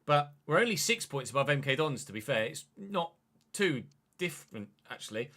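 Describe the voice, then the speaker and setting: A man's voice: a little high, sing-song, normal speed, sharp tone. A young man streaming a football management game, chatting casually, swearing and answering his chat. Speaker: gaming livestreamer. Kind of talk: casual live game commentary.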